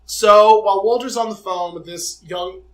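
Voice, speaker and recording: A young man co-hosting a podcast, telling personal stories in a casual, animated way and acting out the voices of the people in them. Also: high voice, moderate pace. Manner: animated, dramatic storytelling with quoted dialogue. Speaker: podcast co-host. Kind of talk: casual chat.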